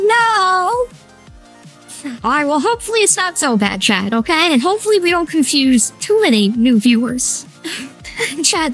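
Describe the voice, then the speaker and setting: A high, bright feminine voice-changer voice chatters through a live gaming stream. It's excitable and playful, quick to squeal or giggle. Faint music sits underneath. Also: male voice. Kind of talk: casual live-stream chat while gaming.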